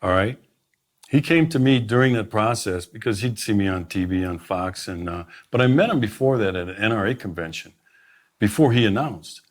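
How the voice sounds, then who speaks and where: A man's voice: on the low side, expressive, moderate pace. A middle-aged man, a sheriff, telling stories in an emphatic way during a conversation, with many restarts. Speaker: sheriff, guest. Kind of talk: storytelling in a conversation.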